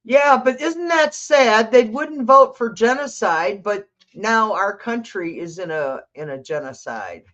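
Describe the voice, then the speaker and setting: Slow-talking older woman streamer. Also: a little high, expressive, a bit bright, dull audio. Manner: chatty, reads out viewer comments, talks to her cat. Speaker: tarot livestream host. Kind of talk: casual livestream chat.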